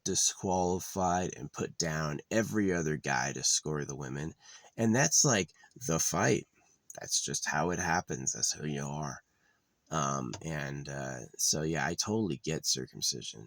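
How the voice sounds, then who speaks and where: Very deep gravelly-voiced male vlogger. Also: no room sound. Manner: rambling and profane, with many fillers. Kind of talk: casual vlog monologue.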